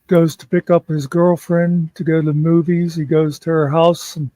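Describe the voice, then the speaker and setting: A man's voice: on the high side, little pitch movement, moderate pace, mellow, no room sound. A man co-hosting a casual chat, telling a long joke in a leisurely storytelling way. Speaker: co-host.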